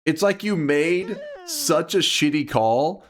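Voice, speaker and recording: A man live-streaming a game, chatting casually with his viewers, swearing freely and flaring up in high-pitched indignant outbursts. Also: lively intonation, slow, slight background noise. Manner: argues and banters with chat.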